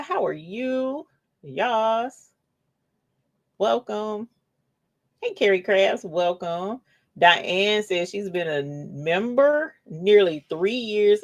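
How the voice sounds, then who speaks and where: Woman host for a craft livestream, casual and playful, voice swooping up and down as she reads the chat. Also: mid-range voice. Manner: playful, lively, calls out "holler" and "yes, honey". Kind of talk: casual livestream chat, reading viewer comments.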